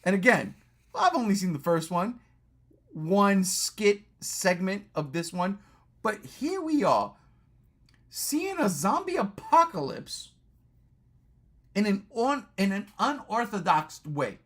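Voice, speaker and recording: A man's voice: sits high, sing-song, slow, pauses often, a bit bright. A man with a New York accent reviewing horror movies in an enthusiastic, profane casual chat. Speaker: podcast co-host.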